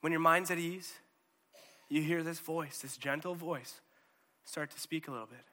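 Bright-voiced male preacher in a reverberant hall. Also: a little high, moderate pace. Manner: conversational, animated, checks in with "okay?" and "right?". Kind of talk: sermon.

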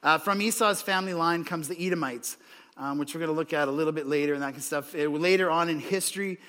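A man's voice: a little high, fast, a bit bright. A man preaching an evening sermon in a church hall, talking in a casual, conversational way with frequent restarts and "right?" asides. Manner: conversational, with repeated restarts and tag questions. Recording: long hall reverb.

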